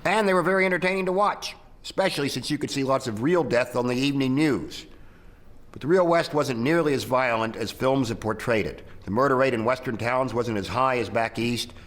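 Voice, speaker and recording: A man narrating a satirical film history in a sardonic, deadpan way. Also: mid-range voice, brisk, poor audio. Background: film score music.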